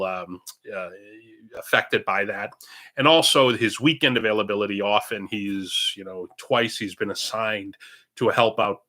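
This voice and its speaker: A man's voice: fairly low pitch, sharp tone. A man, a parish priest, hosting a casual livestream Q&A from a room at home, talking in a chatty, meandering way. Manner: chatty and meandering, drifting between topics. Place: indoors at home, own room. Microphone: computer streaming setup.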